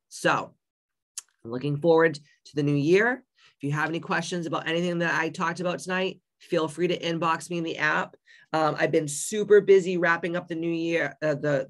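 A hoarse woman hosting an online coaching community in a casual live stream, blunt, loud and heavily profane. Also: low voice. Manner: loud, brash and upbeat.

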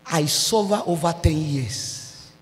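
A Nigerian woman pastor preaching a sermon, breaking into shouted and sung outbursts. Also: sits low, takes it slowly, in a large hall.

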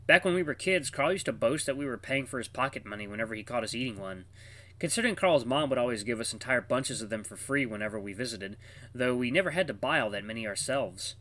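A man's voice: medium pitch, quick pace, sharp tone, no echo. A man reading a visual novel aloud in a casual way, with asides to his viewers. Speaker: game streamer.

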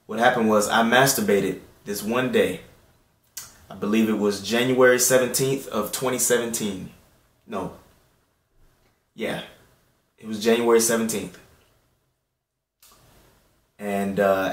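A man in his late twenties giving an earnest personal faith testimony at home. He moves between hushed, tearful passages and loud, excited ones. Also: lowish voice, reverberant. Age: late 20s. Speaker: Christian video host. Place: indoor room at home.

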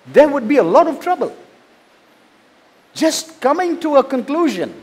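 A man's voice: extremely high pitch, big pitch swings, unhurried, darkish tone. A man, a pastor from India, preaching a sermon, reading scripture and asking rhetorical questions. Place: church.

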